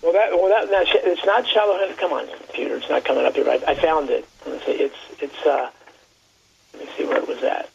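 A man calling in by phone, talking in a halting, rambling way and reading aloud as he searches. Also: fairly high pitch, vocal fry. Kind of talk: casual phone conversation. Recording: muffled phone line with faint noise.

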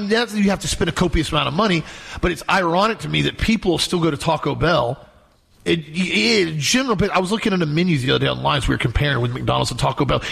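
A man's voice: on the high side, gravelly, a bit bright, slightly rough. A man chatting casually, reacting and adding his own comments. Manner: chimes in with short reactions and agreement. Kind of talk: casual chat.

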